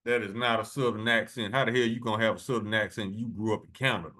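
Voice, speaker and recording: A man reading scripture verses slowly and adding blunt, profane commentary between them. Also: on the low side, fairly even intonation, pushed and bright. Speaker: preacher.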